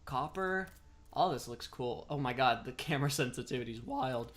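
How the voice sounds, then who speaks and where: A man's voice: mid-range voice, lively intonation, moderate pace, fairly bright tone. A man chatting casually as a streamer while playing a game, rambling and self-deprecating. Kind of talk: casual gameplay commentary.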